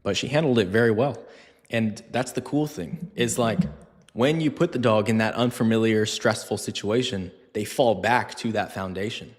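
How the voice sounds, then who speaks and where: A dog trainer with a fairly low voice and moderate pace answers viewer questions on a live Q&A stream, sounding like he's in a big room. He's casual and chatty, uses lots of fillers, and acts out scenes in funny voices.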